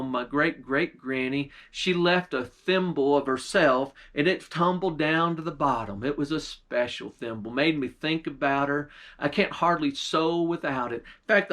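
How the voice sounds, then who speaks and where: A man putting on a gruff suspicious old bearded man. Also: on the high side, fairly bright tone.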